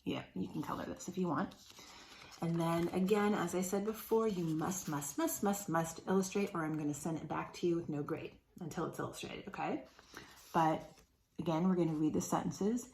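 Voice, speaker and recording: Gravelly woman teacher sounding out words. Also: on the low side, a little mellow, echoey room, a little hiss or hum. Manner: slow, sounds out words, encouraging. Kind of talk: remote phonics lesson for young children.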